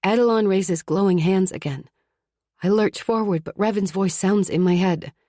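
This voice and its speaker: A woman's voice: medium pitch, normal speed, dark tone, no room sound, studio quality. A woman narrating a fantasy audiobook in the first person, tense and urgent. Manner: tense, urgent inner monologue.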